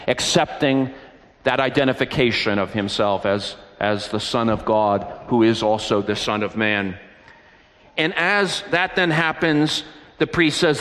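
A man's voice: mid-range voice, a little slow, fairly bright tone. Earnest male preacher in a reverberant hall. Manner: earnest storytelling, emphatic. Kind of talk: sermon.

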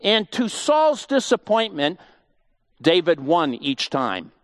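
A man's voice: high voice, huge pitch swings, slow, no echo, studio quality. A man giving a conversational Bible teaching, emphatic and full of rhetorical questions.

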